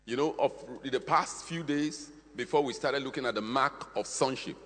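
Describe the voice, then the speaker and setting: A man preaching a sermon with emphatic, repetitive phrasing, swinging between hushed and loud. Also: mid-range voice, moderate pace. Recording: long hall reverb.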